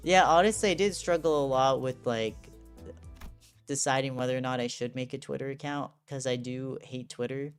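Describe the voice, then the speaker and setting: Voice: medium pitch, normal speed, soft background music. A game streamer chatting casually with viewers during a live stream, rambling and restarting sentences, laughing often. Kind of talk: casual live-stream chat while playing.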